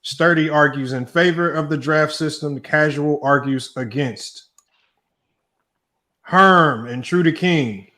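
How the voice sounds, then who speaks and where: A man hosting a debate stream, casually reading out matchups and topics and talking in relaxed slang. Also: a little high, slow. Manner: relaxed, slangy, thinks aloud. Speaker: debate show host. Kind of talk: casual livestream chat, reading out a list.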